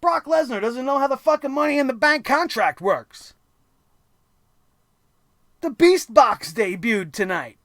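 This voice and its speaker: A man's voice: very high voice, expressive, measured pace, pauses often, a bit bright, no room sound. A man hosting a wrestling review show, ranting angrily and sarcastically and swearing constantly.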